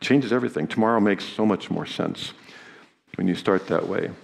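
A man's voice: low-pitched, moderate pace, vocal fry, in a large hall. A man preaching a sermon in an earnest teaching manner, his voice rising in volume on key phrases.

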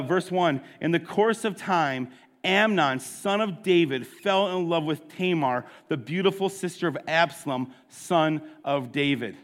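A man with a fairly high voice preaches a sermon in a church sanctuary. He retells the story in a loose, conversational way, breaking off for asides to his listeners. His voice rings out with the long reverb of a large hall. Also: fairly bright tone. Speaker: pastor.

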